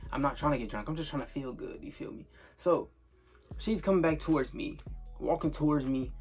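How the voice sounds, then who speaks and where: A man's voice: a little high, fairly quick, darkish tone, faint music behind. A young man telling a casual storytime vlog, rambling and swearing, with lots of filler tags. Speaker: storyteller vlogger.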